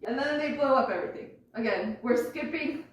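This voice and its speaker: Young woman, brisk chatty presenter, a bit high-pitched, mic far off in a boomy room. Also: lively intonation, very echoey, slight background noise. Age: young adult. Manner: rambling, chatty, swears and laughs. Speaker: student presenter. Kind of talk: casual presentation to family.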